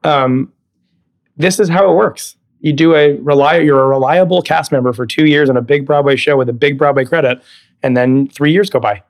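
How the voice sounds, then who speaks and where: A man's voice: a little high, normal speed. A man in his thirties from California, a guest on an interview podcast, telling stories animatedly, laughing often and acting out quoted dialogue. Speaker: guest, Broadway actor. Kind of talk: casual interview chat.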